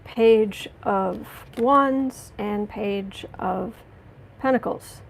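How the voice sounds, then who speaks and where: A woman hosting a live tarot stream, reading cards and answering chat, angry but trying to stay calm, halting with fillers and restarts. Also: medium pitch, creaky, slight background noise. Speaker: tarot reader and livestream host.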